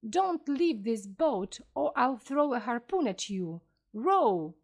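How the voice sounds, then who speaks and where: A woman's voice: a little high, very animated, takes it slowly, heavily acted. A woman reading as a fierce old sea captain. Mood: commanding. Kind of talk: storybook reading.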